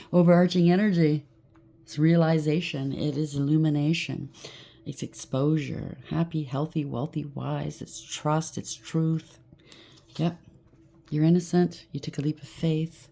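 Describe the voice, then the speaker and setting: Low, mellow-voiced woman reading tarot. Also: vocal fry. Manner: chatty, preachy, rambling with frequent asides. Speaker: tarot reader.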